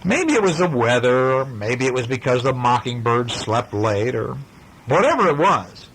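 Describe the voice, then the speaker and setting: A hoarse father reading a bedtime story to his children, gentle and chatty, stopping to talk about the pictures. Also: mid-range voice, very animated, moderate pace, rough recording.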